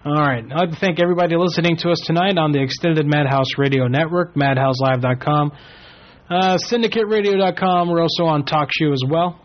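A man's voice: fairly high pitch, brisk. A man hosting a prank call radio show, brash, bossy and swearing freely. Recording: dull lo-fi with faint music.

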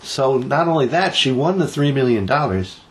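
A man's voice: mid-range voice, normal speed. A man co-hosting a casual talk show, reading odd news stories and teasing his co-host. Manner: jokey, teasing, animated storytelling. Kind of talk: casual banter.

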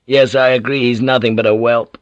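A man's voice: mid-range voice, little pitch movement, brisk, no echo, highs cut off, natural voice. A man voicing a scheming, gloating lord who speaks in an eager and insinuating way.

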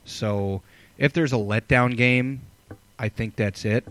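A man co-hosting a live sports podcast, giving measured analysis with hedging fillers. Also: medium pitch. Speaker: podcast co-host. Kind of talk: casual sports chat.

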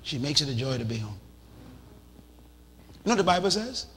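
A man preaching a sermon in a lively, animated way, acting out little scenes and shouting for emphasis. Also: on the high side, fairly quick. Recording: reverberant hall with faint noise.

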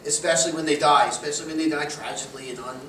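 A man's voice: fairly high pitch, racing. A male comedian arguing his point in casual chat, emphatic and repetitive. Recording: echoey room, distant mic, clear background noise.

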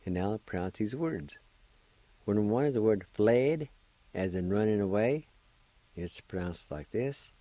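A man with a Cherokee-speaking Oklahoma accent teaches a radio language lesson, spelling out words syllable by syllable. He talks very slowly and patiently, encouraging his listeners. His voice is low and warm, recorded close and dry. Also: animated, no room sound, rough recording. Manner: slow, deliberate, spelling out syllables.

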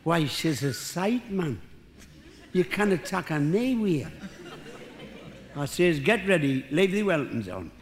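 A man's voice: fairly high pitch, sing-song, takes it slowly, pauses often, slight background noise. An older man with a Geordie accent doing a rambling, self-mocking stand-up routine and bantering with the audience. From North East England. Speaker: stand-up comedian. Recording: live hall with faint crowd ambience.

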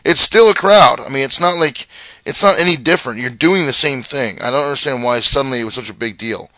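Bright-voiced ranting podcast man. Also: medium pitch, fairly quick, no room sound. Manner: rambling, ranting with many fillers. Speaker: wrestling podcast co-host. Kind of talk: casual chat.

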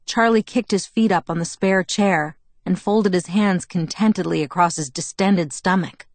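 Audiobook narrator, woman, lowish voice, close dry recording, measured first-person reading. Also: no room sound.

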